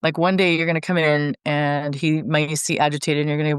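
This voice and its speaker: A woman's voice: deep voice, brisk, clear, resonant tone, dry recording, studio quality. A woman co-hosting a Catholic coaching podcast, talking candidly and acting out bits of everyday dialogue. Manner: candid and lively, acts out quoted dialogue. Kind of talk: conversational podcast chat.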